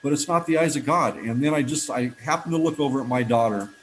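A man's voice: mid-range voice, fast, a little hiss or hum, low-quality recording. A man in his fifties giving a heartfelt personal testimony at a recovery meeting, telling stories earnestly with frequent restarts.

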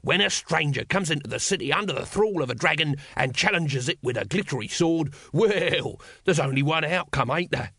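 A male narrator voicing a shifty street trader with a smooth, wheedling sales patter. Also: fairly high pitch, expressive, normal speed, hardly any pauses, pushed and bright, no echo, clean studio sound, pitched above the performer's own voice, full character voice.

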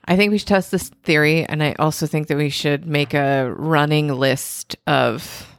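A woman's voice: low-pitched, steady tone, normal speed, clean tone, no room sound, clean studio sound. A woman co-hosting a podcast in casual chat, blunt and teasing, stretching out her phrases. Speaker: podcast co-host.

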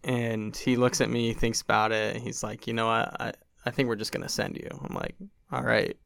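Low gravelly young man telling a story. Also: moderate pace. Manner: animated, acts out quotes, many "like" fillers. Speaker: podcast guest. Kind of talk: casual storytelling.

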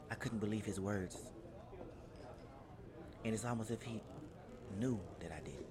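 A male narrator with a lowish voice reads a first-person adventure story in a measured, journal-like manner. Crowd noise can be heard behind him.

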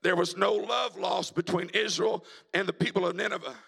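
A male evangelist, preaching a sermon in a church, moving from quiet talk to shouted preaching. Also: sits high, fairly even intonation, normal speed, vocal fry, slightly rough. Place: church sanctuary.

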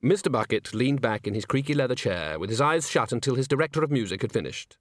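Man, audiobook narrator, expressive, lively pitch, dry close sound. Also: fast, no echo.

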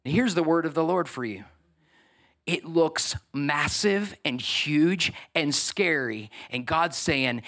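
A middle-aged man preaching from the pulpit, his voice sitting on the high side for a man. He moves between loud, lively exhortation and quiet, dropped asides, cracking jokes and calling out to the congregation. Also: slow. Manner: animated, jokey preaching with audience asides. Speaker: pastor. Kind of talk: sermon.

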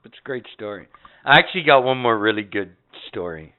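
A man's voice: mid-range voice, lively intonation, fairly quick, smooth. A man telling rambling, profane stories as a podcast co-host in casual chat. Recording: tinny phone-like audio.

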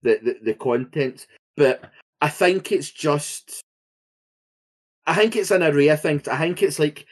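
A man's voice: a little high, a little slow. Scottish man in casual podcast chat. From Scotland. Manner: animated, swears freely, rambling. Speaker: podcast co-host.

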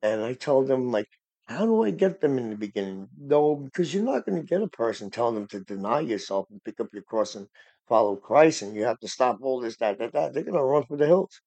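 Brisk and creaky, a male podcast host with a dark, mellow, medium-pitched voice swings widely in pitch as he rambles earnestly about faith. He gets heated when discussing preachers. The audio is dry and close-miked, with no room echo.

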